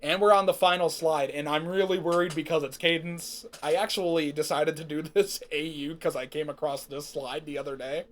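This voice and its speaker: Chatty high-voiced man reacting. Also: steady tone, a little hiss or hum. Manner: chatty, reacts with quick laughs. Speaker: channel host. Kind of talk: comic dub reading and reacting.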